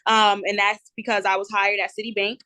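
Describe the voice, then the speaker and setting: Woman in her twenties, New Jersey accent, chatty, lively storyteller, podcast guest, dry sound. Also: mid-range voice, fairly quick, dry recording. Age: 20s. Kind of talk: casual interview.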